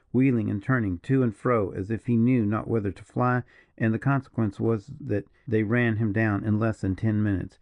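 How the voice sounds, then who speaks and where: A man voicing a grave, brooding partisan officer in an audiobook, speaking slowly and in a measured, mournful way. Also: fairly low pitch, darkish tone, dry recording, lightly acted. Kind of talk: audiobook character reading.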